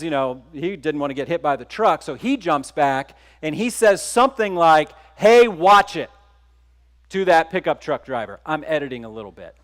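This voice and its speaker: A middle-aged man from Texas giving a conference keynote, telling a story in a conversational way and putting questions to the audience. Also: fairly high pitch. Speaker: keynote speaker. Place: conference stage.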